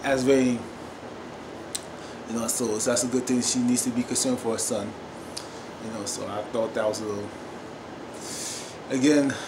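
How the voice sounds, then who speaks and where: A man's voice: mid-range voice, moderate pace, pauses often. A man giving a casual review of a TV episode, emphatic and repetitive, often calling out to his viewers. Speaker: TV show reviewer. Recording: echoey room with steady noise.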